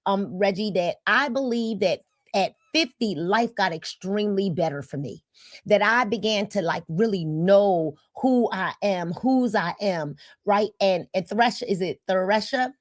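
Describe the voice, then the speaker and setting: A woman's voice: medium pitch, measured pace, dry recording, studio quality. A woman, hosting a casual livestream and greeting viewers by name in an upbeat way. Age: 50s. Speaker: host of a livestream.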